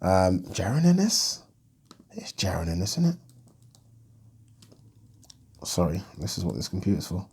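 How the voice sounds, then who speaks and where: A man's voice: low-pitched, very animated, unhurried, long pauses, darkish tone, slight background noise. A man hosting his own boxing channel, chatting bluntly about the news and thinking aloud with plenty of ums. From United Kingdom. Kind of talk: casual solo commentary on boxing news.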